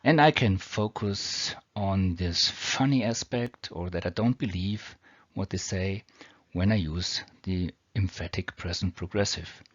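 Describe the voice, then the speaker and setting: Low-voiced German-accented man teaching grammar. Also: no echo. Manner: slow, deliberate, reads example sentences carefully. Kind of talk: explaining English grammar with examples. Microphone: built-in or cheap mic. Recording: dull, dry home recording.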